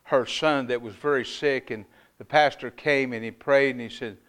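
A middle-aged man from North Carolina, preaching a fervent sermon with sudden loud rises and quiet drops. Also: mid-range voice, steady tone, moderate pace. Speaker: pastor.

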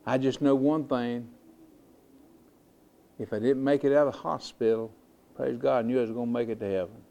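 An older man, preaching in a folksy storytelling way that swells into loud, emphatic declarations. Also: medium pitch, fairly even intonation, moderate pace, vocal fry. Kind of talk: sermon.

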